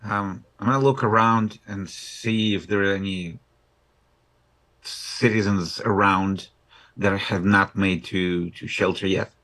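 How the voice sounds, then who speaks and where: A man's voice: sits low, steady tone, takes it slowly, a bit bright. A man playing a tabletop game, hesitant and checking details before he acts. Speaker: player.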